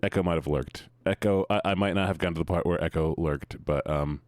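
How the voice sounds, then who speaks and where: A man's voice: low voice, a little fast, darkish tone, no room sound, clean studio sound. A man streaming, greeting his viewers in a playful, sing-song, teasing way. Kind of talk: casual chat greeting viewers.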